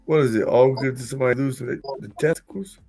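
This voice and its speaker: A man hosting a casual talk, telling stories with lively acted-out quotes and laughing at his own jokes. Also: medium pitch, fast talker, soft background music. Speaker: podcast host. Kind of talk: casual conversational commentary.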